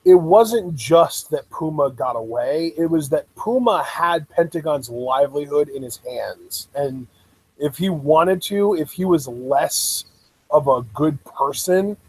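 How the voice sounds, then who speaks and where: A man co-hosting a casual wrestling review chat, relaxed and thoughtful with a few restarts. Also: fairly high pitch, takes it slowly, husky, dry recording, low-quality recording. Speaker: co-host reviewing wrestling episodes.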